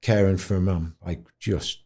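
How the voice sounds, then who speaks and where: A middle-aged man with a Yorkshire accent, telling stories as a podcast guest in an expressive, self-mocking way. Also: normal speed. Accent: Yorkshire English. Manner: expressive, swoops high for quoted voices, self-mocking. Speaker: podcast guest, dementia advocate. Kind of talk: animated storytelling in conversation.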